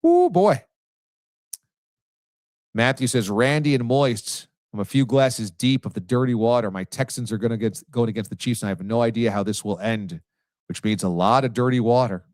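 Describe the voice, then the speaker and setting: A man of medium pitch speaks fairly quickly in a dry recording as he hosts a live sports talk stream. His style is loose and jokey, and he reads viewer comments aloud.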